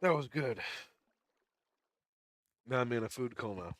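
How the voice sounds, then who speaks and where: A man's voice: mid-range voice, lively intonation, unhurried, a bit bright, no room sound. A man chatting casually on a livestream while he plays, laughing often as he tells stories.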